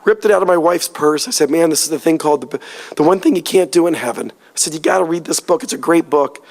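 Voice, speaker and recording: A man's voice: on the high side, fast, gravelly, darkish tone, big-room sound. A man telling his faith story to a church group in an earnest, storytelling way, close to tears as he goes. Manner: earnest storytelling, voice rising and cracking with emotion. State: near tears. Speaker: church speaker sharing testimony. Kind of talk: testimony talk to a church group.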